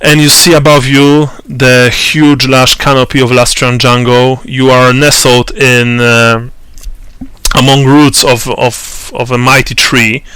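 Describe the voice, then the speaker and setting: A man narrates a tabletop role-playing game as its game master, speaking slowly and haltingly, full of fillers and restarts. His voice is bright and crisp, and the recording is dry and close. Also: mid-range voice, level tone, dry recording.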